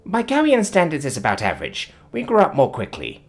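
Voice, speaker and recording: A man's voice: fairly high pitch, wildly swooping pitch, a little fast, pitched above the performer's own voice. A man voicing an eager, enthusiastic young female alien who speaks with a strong accent.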